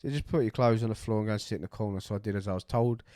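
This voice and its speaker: A podcast co-host with a fairly low-pitched, dark voice tells a story casually and very fast, swearing freely and acting out the voices of people he met. The recording is dry with clean studio sound.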